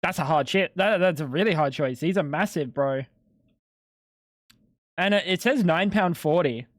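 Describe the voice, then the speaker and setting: A man's voice: a little high, moderate pace, no echo, clean studio sound. A young man streaming live, chatting casually with his viewers in a laid-back, slangy way with some swearing.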